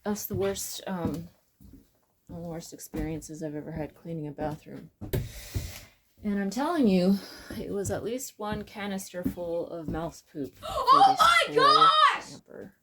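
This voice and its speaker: A woman's voice: lowish voice, big pitch swings, a little slow, very noisy. Chatty woman vlogging from her camper. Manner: chatty, self-talking, nervous and candid. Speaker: van-life vlogger. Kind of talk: casual vlog chat. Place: inside a camper and on the road.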